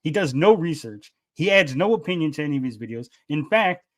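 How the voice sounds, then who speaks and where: A man's voice: a little high, lively intonation, a little fast. A man arguing heatedly and insistently, often interrupting and repeating himself. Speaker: debater. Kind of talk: heated argument.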